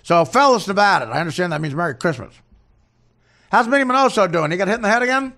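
A man doing an impression of a crude, boastful older baseball coach who talks loudly and rambles. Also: sits high, animated, fast talker, pitched above the performer's own voice, heavily acted. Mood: rambling. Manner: loud, rambling, gossipy.

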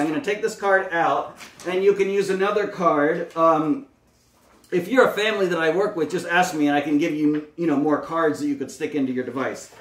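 A man working as a speech-language pathologist, giving a patient step-by-step demonstration with frequent fillers. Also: a little high. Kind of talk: instructional demonstration. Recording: roomy, mic at a distance.

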